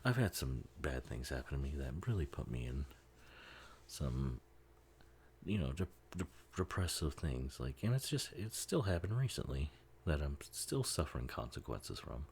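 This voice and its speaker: A man's voice: very deep voice, big pitch swings, normal speed, a little mellow, slight background noise. A man giving a casual, rambling commentary over a film, laughing often and swearing freely. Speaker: movie commentary host.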